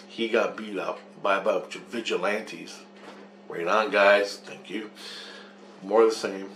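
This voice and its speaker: A man's voice: fairly low pitch, fairly bright tone. A man telling a rambling, agitated account of his spiritual experiences, swearing often and repeating himself. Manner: agitated, profane, repetitive storytelling. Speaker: vlogger recounting spiritual experiences. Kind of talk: rambling monologue. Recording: echoey room with faint background hiss.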